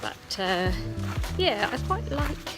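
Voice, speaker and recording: A woman's voice: fairly high pitch, sing-song, slow, loud music behind the voice. A woman travel vlogger chatting casually outdoors, thinking aloud with frequent ums. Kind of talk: casual travel vlog commentary.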